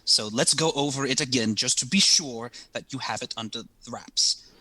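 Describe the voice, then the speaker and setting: A man's voice: mid-range voice, moderate pace, sharp tone, no room sound. A man playing a worried middle-aged mother in a tabletop game, pressing her husband with insistent questions. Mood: concerned.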